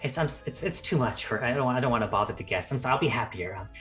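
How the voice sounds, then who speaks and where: A man's voice: mid-range voice, expressive, racing, a bit bright, soft background music, natural voice. A man voicing a shy, sad female centaur carousel attendant who stammers and keeps apologizing. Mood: timid apologetic.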